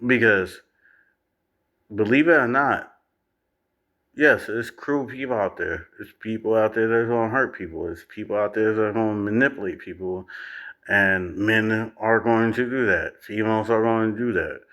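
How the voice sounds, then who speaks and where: A man's voice: on the low side, moderate pace, fairly bright tone. A man ranting bluntly and profanely as he reacts to a video clip. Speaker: reaction commentator.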